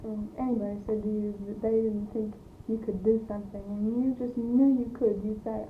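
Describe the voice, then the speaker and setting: Woman interviewer, flat voice, stops and restarts a lot, tinny old tape w/ hiss. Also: mid-range voice, fairly quick. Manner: hesitant, restarts, prompting with example phrases. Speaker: interviewer eliciting speech samples. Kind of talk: speech elicitation interview.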